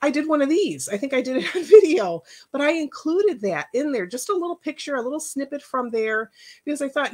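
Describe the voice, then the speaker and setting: A woman's voice: high voice, big pitch swings, fairly quick. A middle-aged woman life coach giving a casual workshop talk, earnest and emotional, chatty with many asides. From Northwest Indiana, United States.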